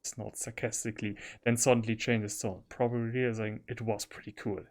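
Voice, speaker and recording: A man's voice: lowish voice, little pitch movement, brisk, darkish tone. A man from Germany with a German accent, casually commenting on a game he plays, laughing often and reading lines aloud. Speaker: gaming streamer. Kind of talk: casual let's-play commentary.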